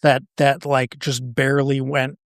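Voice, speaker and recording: A man's voice: mid-range voice, monotone, measured pace, no room sound. A man co-hosting a casual chat, dry and skeptical, teasing his partner. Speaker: podcast co-host.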